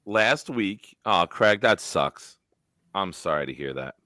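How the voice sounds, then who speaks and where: Rich: A man hosts a live stream with energetic, joking chatter. His low voice has a bright edge and leaps up and down in pitch. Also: slow pace, dry recording, studio quality. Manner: animated, joking, swears freely. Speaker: host of a sports live stream. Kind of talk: casual live-stream banter. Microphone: home setup on a video call.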